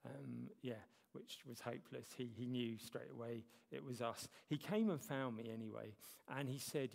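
A man's voice: medium pitch, normal speed, gravelly, few pauses, darkish tone. A man preaching a sermon as a church elder, talking conversationally with self-deprecating humor. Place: church hall. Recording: long reverb of a church hall.

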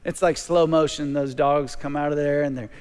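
A man preaching a sermon as a pastor, animated, with repeated phrases and quick stammered restarts. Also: fairly high pitch, clear, resonant tone. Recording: long reverb of a large hall.

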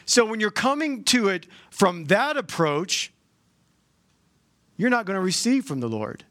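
A man preaching a sermon as a pastor, in a conversational and animated way with sudden jumps in pitch. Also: unhurried, dry recording.

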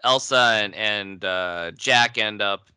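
A man in casual podcast chat, recapping a film and laughing often. His voice is bright and forceful, unhurried, and sounds dry and close to the mic. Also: fairly low pitch, clear, resonant tone, dry recording. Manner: animated, laughs often, retells the plot. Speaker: podcast co-host.

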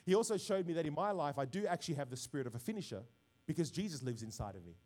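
Guy pastor preaching, kinda high voice, gets loud and pumped then drops low. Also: lively intonation, racing. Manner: preaching with rising bursts of volume and call-outs. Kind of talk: sermon.

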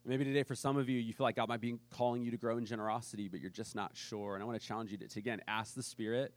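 A man's voice: medium pitch, fairly even intonation, racing. A man preaching a sermon as pastor, telling a story in a casual way and acting out the people he quotes.

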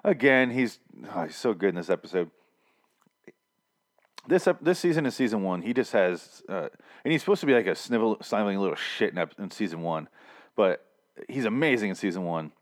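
A man's voice: lowish voice, expressive. A man casually recapping a TV episode, rambling and swearing freely as he acts out the characters' lines. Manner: profane, rambling, quick to act out characters' lines.

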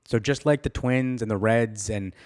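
Man, podcast host, fairly low voice, excitable, laughs at himself. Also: moderate pace. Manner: enthusiastic, self-deprecating, laughs often. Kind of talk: solo podcast monologue.

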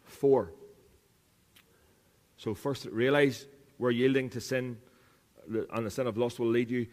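A man's voice: medium pitch, steady tone, slow, a little mellow, long reverb tail. A man preaching a sermon as pastor, earnest, repeating key lines for emphasis. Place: church.

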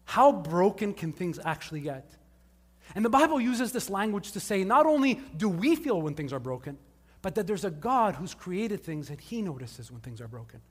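Male pastor, high voice, chatty sermon with quick jokes to the congregation, big reverberant hall. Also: very animated, slightly rough. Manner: casual, joking asides with the congregation. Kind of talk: conversational sermon. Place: church service before a live congregation.

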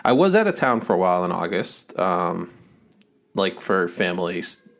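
A man's voice: low-pitched, very animated, moderate pace, fairly bright tone. A man in his thirties from Massachusetts, co-hosting a casual podcast in a rambling, laid-back way. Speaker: podcast co-host. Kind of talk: casual chat. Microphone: remote call mic.

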